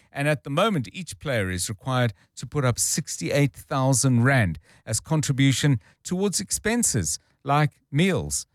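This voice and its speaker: A man's voice: mid-range voice, no echo. Picture a man hosting drive-time talk radio, speaking plainly and conversationally into a studio mic. His voice sits mid-range, and the sound is close and dry. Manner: conversational, explains news plainly. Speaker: radio talk show host. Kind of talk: live talk radio, taking calls and previewing news. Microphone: studio microphone.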